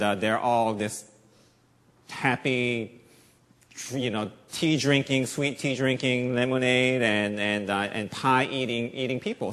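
Middle-aged male pastor with a slight Southern lilt, conversational sermon delivery, swings between soft earnest and loud lively. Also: mid-range voice. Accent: slight Southern American accent. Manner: conversational preaching with wide swings in loudness, from hushed to animated.

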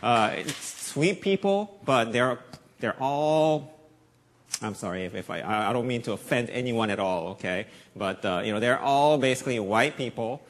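Middle-aged male pastor with a slight Southern lilt, conversational sermon delivery, swings between soft earnest and loud lively. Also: mid-range voice, normal speed. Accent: slight Southern American accent. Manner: conversational preaching with wide swings in loudness, from hushed to animated.

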